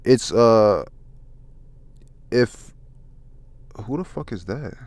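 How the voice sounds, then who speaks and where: A man in a soft-spoken ASMR comic review, reading haltingly, stumbling over words and apologizing. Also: on the low side, animated, dry recording. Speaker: ASMR manga reader.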